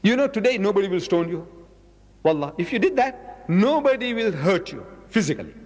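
A man's voice: high voice, very animated, brisk, darkish tone. A man gives a dramatic public lecture, acting out dialogues and firing rhetorical questions. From South Africa. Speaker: Islamic lecturer. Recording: reverberant lecture hall.

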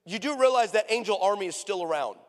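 High-voiced pastor preaching in a reverberant hall. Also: male voice, fast. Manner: animated storytelling, acts out characters with big raised voices. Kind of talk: sermon. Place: church sanctuary.

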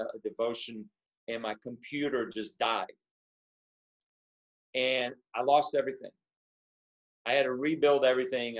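An earnest male pastor speaks over a video call. He often repeats words and restarts phrases as he works through his point. His voice has an ordinary middle pitch for a man. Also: muffled recording. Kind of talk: casual video-call conversation.

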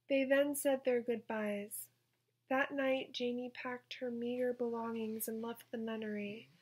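A woman reading her own absurd short story aloud in a soft, deadpan way. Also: on the high side, a little slow, husky.

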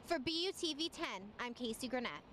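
A teenage girl anchoring a school news broadcast, reading her script in a steady, measured way. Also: high voice, a little hiss or hum. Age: teens.

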